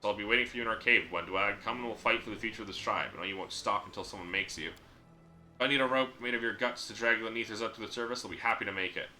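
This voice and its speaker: Fast-reading man streaming a game. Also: on the low side, bright, forceful tone. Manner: reads quickly with frequent ums and restarts. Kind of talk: reading game dialogue aloud while playing.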